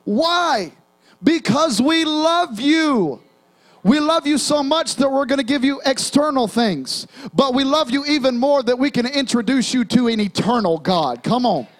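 A young man preaches in a church with a strikingly high voice. He calls out to the congregation and slips into half-sung hymn lines as he goes. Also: lively intonation, unhurried. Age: young adult. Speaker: pastor. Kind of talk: sermon. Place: church sanctuary.

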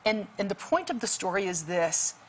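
A woman's voice: medium pitch, sing-song, moderate pace. A woman guest telling a vivid, emphatic story as a testimony, with bursts of urgency. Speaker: guest author.

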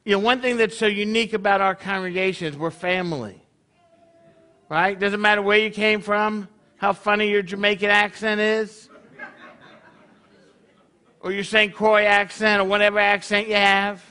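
Male congregation leader, high pitched and bright, preaching in a chatty way with frequent "right?" check-ins. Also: flat delivery, moderate pace. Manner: conversational, peppered with rhetorical questions. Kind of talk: sermon.

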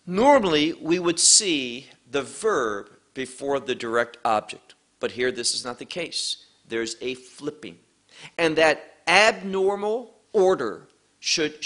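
A man teaching an evening Bible study, reading scripture aloud and slowly explaining the Hebrew words. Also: on the high side, fairly bright tone. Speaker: pastor.

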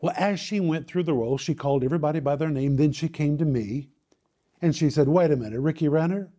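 A man preaching, telling his own story dramatically, with quick bursts and slow, emphatic lines. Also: fairly high pitch, dark tone. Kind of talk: sermon testimony storytelling.

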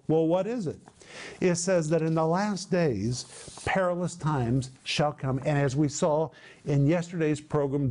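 A middle-aged man hosting a broadcast Bible teaching, emphatic and slowing down to stress key words. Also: on the high side, warm tone. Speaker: Bible teacher and program host.

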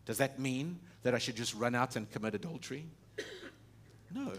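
A pastor delivers his sermon at a moderate pace with lively intonation, asking rhetorical questions and restarting often. He ranges from forceful, loud emphasis to quiet, lowered passages.

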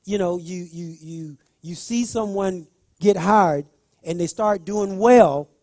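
Lively male preacher, high voice, talks straight to the congregation with loud emphatic bursts. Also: slow, no echo, clean studio sound. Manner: animated, repeats phrases, rises to loud emphatic bursts. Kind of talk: sermon.

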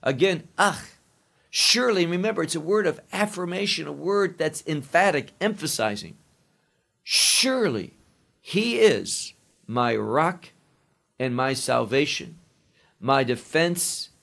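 A man preaching a sermon, teaching slowly through a psalm and dwelling emphatically on each quoted verse. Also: a little high, lively intonation, gravelly, fairly bright tone.

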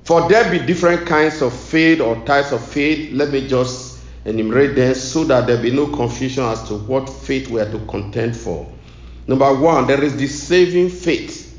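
A man's voice: medium pitch, normal speed, echoey room. A male preacher delivering a sermon and prayer with a rhythmic, repetitive cadence.

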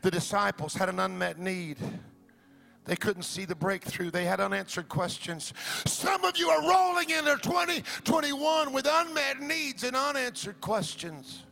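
A male pastor preaching a sermon, swinging from shouted, sung-out cadences to low hushed passages. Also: lively intonation, normal speed, creaky, soft background music.

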